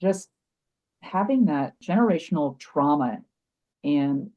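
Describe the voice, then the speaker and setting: A middle-aged woman, a nurse turned coach, telling a personal story as a podcast guest in a halting way, with frequent restarts and fillers. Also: low-pitched, expressive, dark tone, highs cut off. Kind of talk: candid conversational storytelling.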